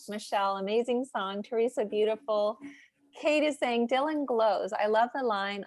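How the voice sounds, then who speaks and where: A woman's voice: medium pitch, no echo. Woman hosting a video call meeting. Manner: reads chat messages aloud, warm and moved. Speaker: meeting host. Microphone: computer mic on a video call.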